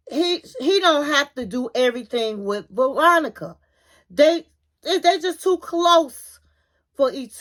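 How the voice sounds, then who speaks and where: A woman with hosting a casual reality TV recap, animatedly retelling scenes and acting out what people said. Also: high voice. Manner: animated retelling, acting out quotes, chatty asides.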